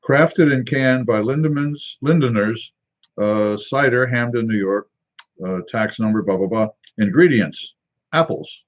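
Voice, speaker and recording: A man's voice: medium pitch, measured pace, highs cut off. Rambling wry man reviewing a drink. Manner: rambling and wry, talking to himself. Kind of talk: casual tasting chat.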